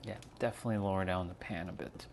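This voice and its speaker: A man with a fairly low voice chats to his live viewers from his home kitchen. He muses loosely on spiritual ideas, with plenty of fillers and restarts, while faint clatter of cutlery sounds behind him. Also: fast, gravelly, a little hiss or hum. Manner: relaxed, musing, with fillers and restarts, talking while cooking. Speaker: livestream host. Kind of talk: casual spiritual talk to live chat.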